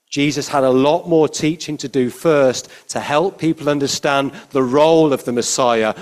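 A man preaching a sermon, measured and emphatic, his phrases falling quiet at the ends. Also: medium pitch.

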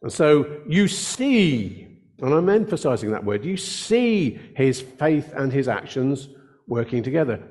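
Preaching earnestly from the pulpit, an older male pastor speaks in a somewhat high, slightly mellow voice. He keeps a relaxed, conversational pace but slows on purpose to stress the words that matter.

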